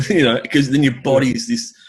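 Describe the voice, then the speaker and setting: A man, a gigging drummer, chatting casually and telling animated stories in which he acts out other people's lines. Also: mid-range voice, measured pace, a little hiss or hum. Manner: animated storyteller, mimics voices. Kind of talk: casual chat.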